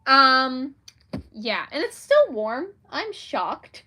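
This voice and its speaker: A woman's voice: high-pitched, big pitch swings, drawn-out words, sharp tone. A young woman, an author, chatting casually on a livestream, giggling often and rambling in a self-deprecating way.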